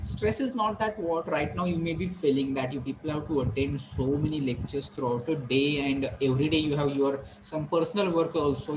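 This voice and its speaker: Male lecturer, slightly raised pitch, halting and repetitive classroom delivery. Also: noisy background. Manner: explanatory, repetitive, many fillers and restarts. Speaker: college lecturer.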